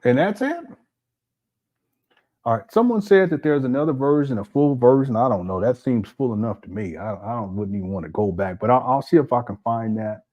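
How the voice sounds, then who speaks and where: A man's voice: medium pitch, expressive, brisk, dull audio. A man hosting a casual commentary video, laughing and making mocking asides. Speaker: commentary host.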